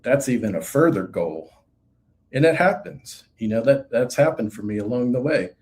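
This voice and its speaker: Earnest man with a mellow voice. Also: mid-range voice, lively intonation. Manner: earnest, halting, many fillers. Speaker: guest sharing recovery story. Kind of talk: reflective personal testimony.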